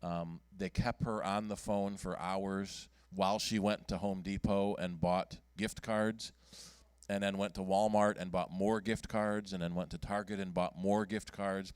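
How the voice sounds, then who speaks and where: A man giving a casual talk at a computer club meeting, halting often with ums and restarts as he clicks through his screen. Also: fairly low pitch, clear, resonant tone, dry recording. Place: meeting room.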